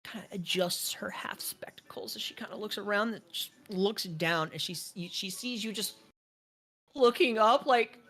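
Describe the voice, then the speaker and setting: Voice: medium pitch, moderate pace, fairly bright tone, breathy edge. Casual, hesitant game master narrating. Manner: casual, hesitant, lots of fillers.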